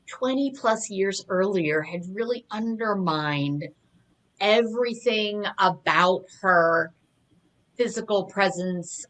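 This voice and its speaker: A middle-aged woman coaching her audience in a relaxed, conversational way. Her voice is bright and clear, sitting at an ordinary pitch. She drifts into personal stories as she explains. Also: low-quality recording. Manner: conversational, reflective, with personal anecdotes. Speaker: communication coach. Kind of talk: live online coaching talk.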